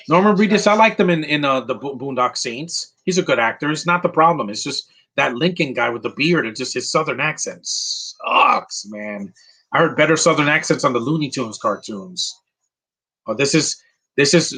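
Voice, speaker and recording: A man's voice: mid-range voice, expressive, normal speed, bright, forceful tone, husky, rough recording. A man giving casual live commentary while watching a movie, rambling and opinionated, with many fillers and restarts.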